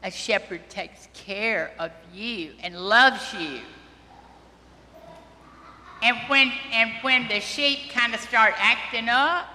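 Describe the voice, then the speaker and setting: A woman priest giving a children's sermon, talking slowly and gently and asking the children questions. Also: on the high side, slight background noise. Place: church sanctuary. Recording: long church reverb.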